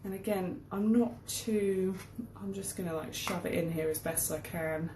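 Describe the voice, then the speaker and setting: A woman's voice: fairly low pitch, steady tone, moderate pace, dark tone, roomy sound, a little hiss or hum. A woman giving a casual English lesson while baking at home, explaining word meanings as she goes. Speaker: English teacher. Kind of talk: casual cooking demonstration lesson. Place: home kitchen.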